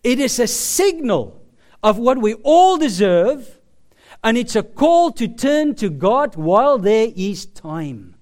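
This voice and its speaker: A male preacher delivers a sermon in a high, sweeping voice. He speaks slowly and emphatically. He leans on long, dramatic pauses. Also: very animated, a little mellow.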